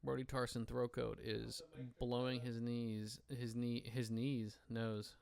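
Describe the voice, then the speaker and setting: A man's voice: medium pitch, level tone, takes it slowly, creaky, darkish tone. A young man co-hosting a podcast in crude, rambling, laid-back chat. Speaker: podcast co-host. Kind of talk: casual chat.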